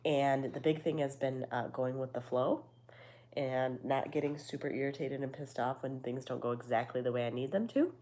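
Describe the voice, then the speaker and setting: A woman with a low, nasal voice that is starting to go hoarse. She chats casually with her viewers, full of fillers and casual swearing. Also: normal speed, mellow. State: losing her voice. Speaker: vlogger. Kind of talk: casual chat to a live audience.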